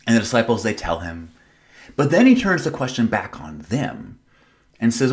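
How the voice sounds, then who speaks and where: A man's voice: medium pitch, very animated, normal speed. Casual conversational male pastor preaching. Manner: playful, dramatic retelling. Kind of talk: sermon.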